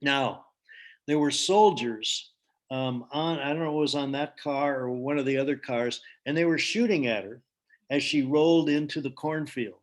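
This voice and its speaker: A man's voice: medium pitch, moderate pace. A man giving a storytelling talk in an earnest way, with frequent ums and restarts. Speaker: speaker.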